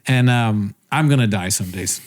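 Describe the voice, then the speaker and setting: A man's voice: on the low side, normal speed. A young man on a podcast telling a rambling story in casual chat, interrupting himself and laughing often. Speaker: podcast co-host.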